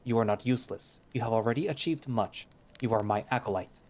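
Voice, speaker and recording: A man's voice: medium pitch, a little fast, a little mellow, close to an everyday voice. A man voicing a stoic male creature warrior who speaks formally, in a visual novel reading. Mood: gentle. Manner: formal speech without contractions.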